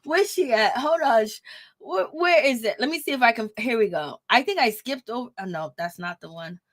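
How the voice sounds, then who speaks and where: High-voiced woman dishing casual gossip. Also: normal speed. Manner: animated, laughing, blunt and profane. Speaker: commentator on a reality show. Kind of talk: casual reaction commentary.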